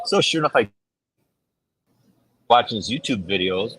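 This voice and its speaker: A middle-aged man chatting casually as a podcast co-host, telling stories and acting out quoted voices with big jumps in pitch. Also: animated, moderate pace, long pauses, a bit bright, poor audio. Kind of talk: casual chat.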